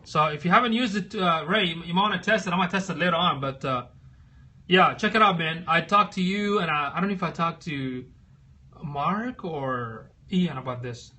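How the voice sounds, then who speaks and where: A man's voice: fairly high pitch, normal speed, pushed and bright. A man hosting a casual live stream, rambling and thinking aloud as he searches, reading out viewer comments and answering them. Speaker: livestream host.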